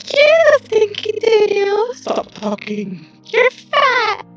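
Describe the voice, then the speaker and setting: A woman voicing a bratty young girl character in a homemade Minecraft role-play, speaking in a shrill, taunting way. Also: huge pitch swings, very slow, faint music behind, exaggerated voice.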